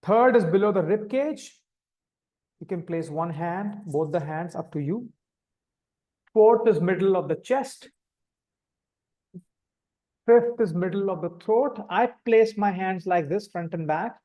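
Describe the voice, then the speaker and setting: A man with an Indian English accent giving calm, step-by-step meditation instructions to a group over a video call. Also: high voice. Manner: calm, step-by-step instructing, demonstrating vocal sounds. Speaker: meditation teacher. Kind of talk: live online meditation instruction.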